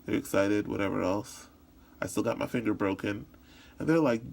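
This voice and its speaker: A man voices a signed story into spoken English as interpreting practice, telling it in the first person. His voice is gravelly with vocal fry. His delivery is halting, full of restarts and repeated words. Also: lowish voice, darkish tone. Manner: halting, with frequent restarts and repetitions.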